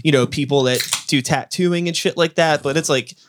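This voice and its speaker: A man's voice: fairly high pitch, normal speed, a little hiss or hum. A man hosting a podcast, laid-back and swearing, with lots of fillers. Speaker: podcast host. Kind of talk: casual chat.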